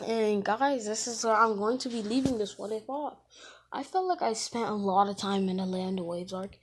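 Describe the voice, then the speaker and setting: A woman's voice: mid-range voice, moderate pace, a little hiss or hum. A woman casually retelling a fan-fiction story as a YouTube storyteller, rambling along with lots of "like" fillers.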